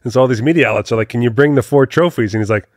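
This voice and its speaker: A man co-hosting a podcast in casual chat, animated and laughing a lot. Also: medium pitch, racing, no echo, clean studio sound. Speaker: podcast co-host.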